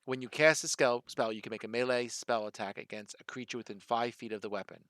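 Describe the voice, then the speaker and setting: A man's voice: mid-range voice, quick pace, fairly bright tone, no room sound, studio quality. A man with a Philadelphia accent running an online tabletop game as dungeon master, thinking aloud while he reads the rules.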